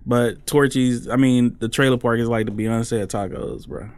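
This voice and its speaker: A man's voice: mid-range voice, normal speed, a little mellow, clear, resonant tone. A young man chatting casually as a podcast co-host, laid-back and profane, dropping "bruh" into every sentence. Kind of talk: casual chat.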